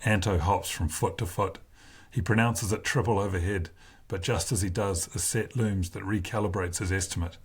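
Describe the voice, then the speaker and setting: A man with a husky voice reading a first-person novel aloud in a slow, deliberate way. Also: low voice, steady tone. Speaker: narrator.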